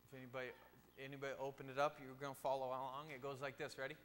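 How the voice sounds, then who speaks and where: Bright-voiced man preaching casually. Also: medium pitch, level tone, very fast. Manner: informal, chatty, joking asides. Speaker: youth speaker. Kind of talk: casual youth sermon. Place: church sanctuary. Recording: long church reverb with faint hum.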